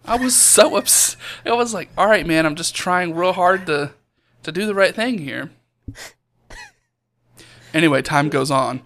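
A man's voice: on the high side, a little slow, long pauses. A young man casually telling a story on a podcast, acting out the voices of the people in it. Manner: animated storyteller acting out quotes. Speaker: podcast co-host.

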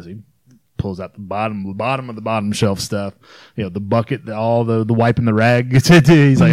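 A man's voice: on the low side, normal speed, a little mellow, no echo. Laid-back man hosting a podcast. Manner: laid-back, lots of "all right" and "you know". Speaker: podcast host. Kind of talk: casual podcast chat.

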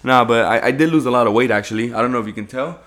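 A man's voice: medium pitch, rapid-fire, fairly bright tone. A young man co-hosting a podcast in casual, slangy chat, swearing freely. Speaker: podcast co-host.

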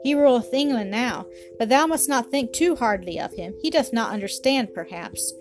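A woman voicing a gentle, grave pilgrim woman who speaks softly in old-fashioned words. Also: a little high, lively intonation, moderate pace, music in the background, close to an everyday voice. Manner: soft, solemn, old-fashioned speech.

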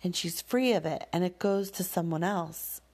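A woman speaking as a parent, sharing a personal story in a candid, thoughtful monologue with soft fillers and sighs. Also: lowish voice, moderate pace.

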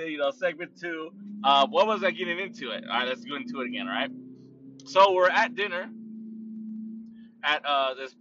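A man's voice: on the high side, sharp tone, lo-fi sound. A man hosting his own podcast, talking casually in a rambling, profane way with many restarts. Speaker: podcast host. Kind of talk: casual solo podcast talk.

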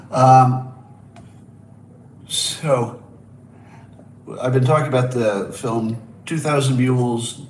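A man's voice: medium pitch, a little hiss or hum. Man in his sixties, wry storyteller, casual solo stream, echoey room, mic set back. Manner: wry, storytelling with rhetorical asides and restarts. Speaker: podcast host. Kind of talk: casual solo livestream monologue. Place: hotel room with balcony by the ocean. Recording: roomy echo, mic at a distance, faint ambience.

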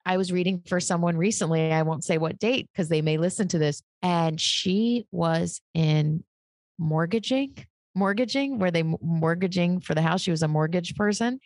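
A woman, a psychic medium, speaking as a guest in a casual interview, animated and acting out the voices in her stories. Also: lowish voice, moderate pace, no echo, studio quality.

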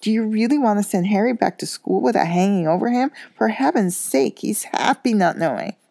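A shrill, scolding mother, as a woman reads her. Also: animated, fairly quick, vocal fry, dark tone, no echo, studio quality. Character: worried, sharp mother of a big family.

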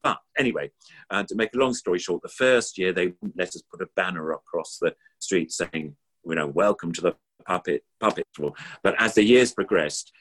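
An older puppeteer chatting about his past in a rambling, enthusiastic way. His voice sits very low with a husky grain. He fills his sentences with ums and warm exclamations. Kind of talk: casual reminiscing chat.

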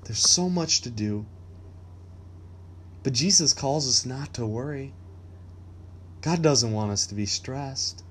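A man's voice: mid-range voice, expressive, takes it slowly, pauses often, fairly bright tone. A man with an ordinary mid-range voice hosts a faith podcast in a casual, encouraging way. He chuckles often as he talks. A faint hiss sits under the recording. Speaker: podcast host.

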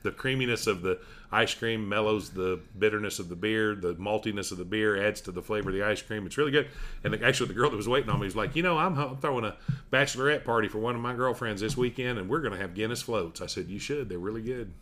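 A man's voice: on the low side, fast. A middle-aged man from Tennessee with a Southern accent, telling stories in casual chat. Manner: folksy, animated storyteller.

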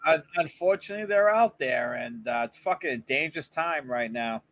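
A man's voice: a little high, lively intonation, brisk, a bit bright. A man co-hosting a podcast, chatting casually with lots of swearing and offhand news remarks. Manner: swearing, laughing, reads news items offhand. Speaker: podcast co-host. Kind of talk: casual profane banter.

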